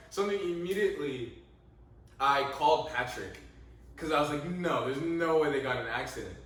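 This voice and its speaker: A young man co-hosting a podcast, telling a story in a lively, laughing way, swearing freely and acting out his own lines. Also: on the high side, brisk. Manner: animated, laughing, swears freely, quotes himself. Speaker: podcast co-host. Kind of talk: casual storytelling chat. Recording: echoey room, mic at a distance.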